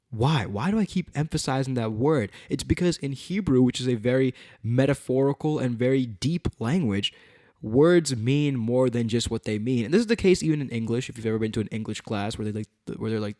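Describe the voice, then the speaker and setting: A man teaching scripture with animated emphasis, moving between dramatic reading and casual chat. His voice sits at a middle pitch and the recording is close and dry, with no room sound. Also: a little fast, dry recording. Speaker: bible teacher.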